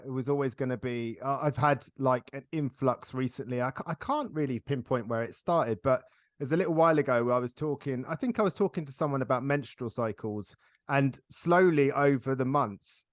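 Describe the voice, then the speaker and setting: A middle-aged man hosting a casual interview podcast, chatty and quick to laugh as he tells stories. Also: mid-range voice, no room sound, studio quality. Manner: chatty, laughs often, storytelling. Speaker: podcast host.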